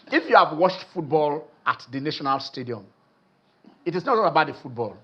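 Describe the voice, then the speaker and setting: A Nigerian man hosting a sports phone-in show, excitable and repetitive, often trailing off mid-sentence. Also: on the high side, moderate pace, highs cut off. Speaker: sports talk show host. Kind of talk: animated phone-in sports talk.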